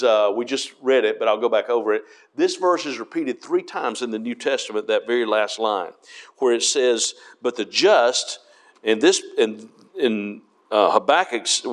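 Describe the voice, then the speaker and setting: A man teaching through a Bible passage, reading verses aloud and explaining them in an unhurried way with frequent pauses and restarts. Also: medium pitch. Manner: unhurried, with many filler words and restarts; reads scripture aloud in King James wording.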